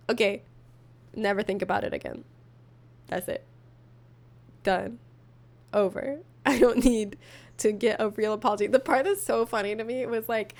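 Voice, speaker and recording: Woman streamer, a touch high-voiced, giggly, casual commentary between read-aloud posts. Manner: laughs often, reads posts aloud and reacts; dry, exaggerated reading voice.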